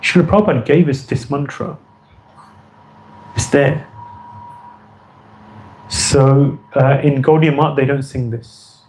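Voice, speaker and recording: A man's voice: mid-range voice, fairly even intonation, slow, pauses often, darkish tone, slight background noise, rough recording. A man giving an earnest devotional lecture as a spiritual teacher, often repeating phrases for emphasis.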